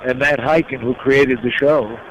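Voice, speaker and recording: An older man from New York, a guest in an interview, telling his life story slowly and with emotion. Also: mid-range voice, steady tone. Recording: dull lo-fi recording with noise.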